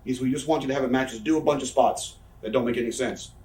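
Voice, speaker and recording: A man in his thirties, a professional wrestler, talks at a racing pace in a medium-pitched, steady, slightly mellow voice. Giving a candid shoot interview, he rambles through stories and swears freely. The room is roomy and he's distant from the mic.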